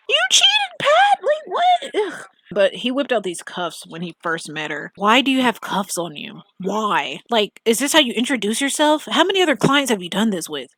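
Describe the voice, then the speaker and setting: A woman's voice: mid-range voice, a bit bright, dry recording. Blunt woman ranting about a game. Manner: opinionated, blunt, exasperated. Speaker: game reviewer. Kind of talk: casual gameplay commentary.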